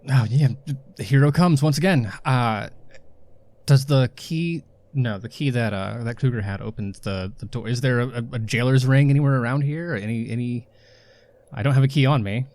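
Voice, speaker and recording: A man's voice: medium pitch, moderate pace, a little mellow, no room sound. A man playing a tabletop game, eagerly describing his character's actions with some stammering. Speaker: player.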